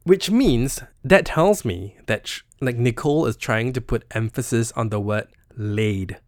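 A man's voice: mid-range voice, a little slow, a little mellow, dry recording, studio quality. A young Singaporean man hosting a podcast, casually unpacking a poetry book in a chatty, playful way, full of "you know" and "like". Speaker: podcast host. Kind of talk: casual solo literary analysis.

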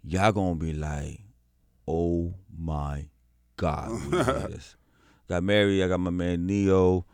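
A man in his forties, a guest musician chatting casually in an interview, telling animated stories, acting out voices and swearing freely. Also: deep voice, moderate pace, clear, resonant tone, no echo, clean studio sound.

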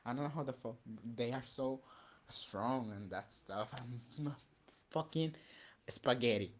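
A man's voice: mid-range voice, lively intonation, measured pace, a little mellow, slight background noise. A young man whose first language is Spanish, venting in a casual vlog, rambling and swearing with many fillers and restarts. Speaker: vlogger.

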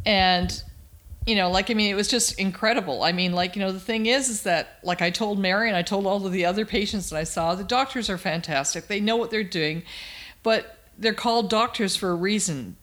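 A woman's voice: medium pitch, fairly bright tone. An emphatic woman tells a long personal story as an interview guest. She talks plainly and animatedly, pushing her key lines. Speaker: guest, cancer survivor.

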